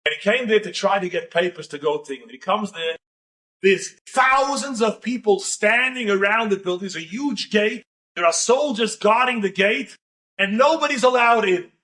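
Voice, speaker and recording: A man, a rabbi, telling a story in a lecture with animated, building drama. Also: sits high, normal speed, recorded from a distance.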